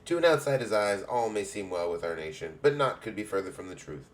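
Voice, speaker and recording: A man's voice: fairly low pitch, expressive, fairly quick, pitched above the performer's own voice, natural voice. A man voicing a stately, motherly woman who heads an adventurers' guild, in a put-on English accent and grand, old-fashioned speech while reading game dialogue aloud.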